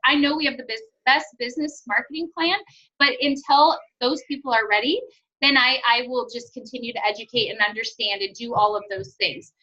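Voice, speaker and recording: A woman's voice: high voice, sharp tone, highs cut off. A woman coaching her sales team on a conference call, enthusiastic and acting out sales conversations. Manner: enthusiastic, acts out sales dialogues. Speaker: network marketing team trainer.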